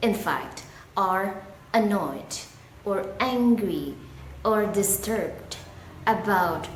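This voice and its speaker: A woman whose first language is Indonesian, teaching an English lesson in a slow, deliberate way with emphatic questions. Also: mid-range voice, expressive. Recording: echoey room with background noise.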